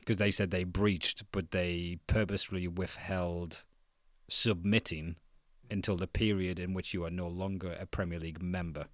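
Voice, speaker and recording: A man's voice: low voice, flat delivery, moderate pace, no room sound, clean studio sound. A man co-hosting a football podcast, jokey and rambling, often laughing mid-sentence. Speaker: podcast co-host. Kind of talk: casual football chat.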